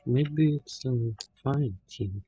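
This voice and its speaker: Slow, mellow and husky, a mid-range male voice offers laid-back commentary during a video game. He swears a lot and his phrasing is loose and non-native, recorded as a dull lo-fi game capture.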